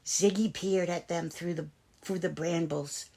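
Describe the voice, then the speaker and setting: Female storyteller for kids, slow and patient, explains the words. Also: fairly low pitch, fairly even intonation, warm tone. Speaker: children's story reader. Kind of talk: reading aloud to children.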